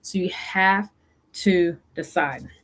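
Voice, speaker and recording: Southern woman host, lowish voice, coaching founders, lots of okays and ums. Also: slow pace. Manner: coaching, repeats questions, many fillers. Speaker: show host and funding consultant. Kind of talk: casual solo talk to founders.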